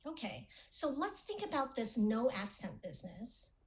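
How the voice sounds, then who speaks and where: A woman's voice: fairly high pitch, very animated, normal speed, rough recording. A middle-aged woman presenting an academic lecture in a webinar, explaining her points and checking in with her listeners as she goes. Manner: explanatory, checks in with "okay?" and "right?". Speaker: speech-language pathology presenter.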